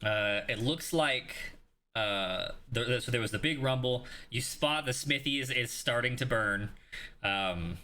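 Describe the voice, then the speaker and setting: A man narrates as game master of a tabletop game, his voice bright and forceful. He rambles through the scene with many fillers and restarts and swears casually. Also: mid-range voice, lively intonation, measured pace.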